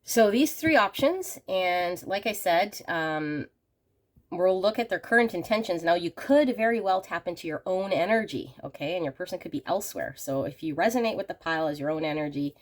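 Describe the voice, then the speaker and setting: Low-pitched lady doing a tarot reading to camera, bit groggy and hoarse, soft reassuring way of talking. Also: a little fast. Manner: gentle, reassuring, addresses viewers warmly as friends. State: slightly hoarse from a cold. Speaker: tarot reader and channel host.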